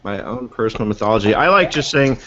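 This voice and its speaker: A webinar host with a fairly low voice jokes and rambles playfully in a casual group video chat, speaking fast and with animation. The video call audio is dull and lo-fi, with background noise.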